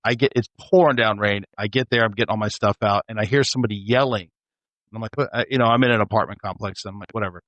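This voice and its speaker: A man, a former sheriff's deputy, telling an animated story in a casual chat. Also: fairly low pitch, quick pace, dry recording, lo-fi sound. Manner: animated, laughs while telling.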